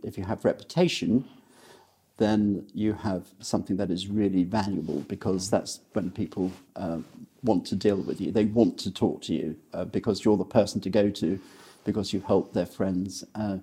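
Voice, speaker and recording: A man giving property-selling advice in an interview, speaking in a measured way with many hesitations and restarts. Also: lowish voice, dark tone, breathy edge. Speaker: guest, property sales expert. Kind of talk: conversational interview.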